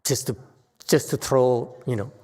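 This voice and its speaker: A man giving a Buddhist lecture, pressing his listeners with pointed rhetorical questions and jumping up in pitch to stress a point. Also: measured pace, darkish tone, long reverb tail. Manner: sudden rises in pitch and force when stressing a point. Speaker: Buddhist teacher. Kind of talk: Dharma lecture.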